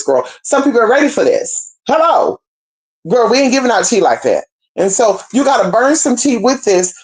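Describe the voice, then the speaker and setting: A young woman telling a story to her viewers in a casual, profane, animated way, calling them y'all and girl. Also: fairly low pitch. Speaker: spiritual practitioner.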